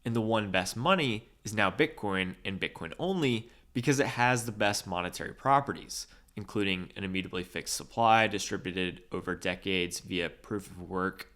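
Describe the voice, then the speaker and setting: A man hosting a video and giving a scripted explainer in a measured, steady delivery. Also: on the low side.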